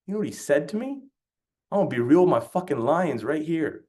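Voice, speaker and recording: A man's voice: fairly high pitch, big pitch swings, brisk, dark tone. A man giving a motivational talk, telling stories bluntly and swearing freely. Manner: blunt and profane, with storytelling energy. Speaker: motivational speaker.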